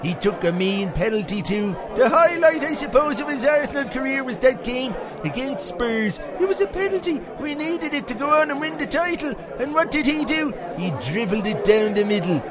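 A rambling, foul-mouthed Irish pub regular spins boastful tall tales. His voice sits very high. A pub crowd chatters clearly behind him. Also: expressive, moderate pace, hardly any pauses. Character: crude boastful Irish pub regular, middle-aged man. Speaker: segment presenter. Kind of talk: comic monologue character.

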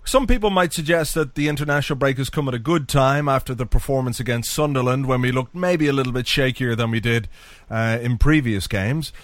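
Chatty podcast host, upbeat, dry close mic. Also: male voice, mid-range voice, a little fast, dry recording. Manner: chatty, upbeat, with frequent fillers. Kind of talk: football podcast chat.

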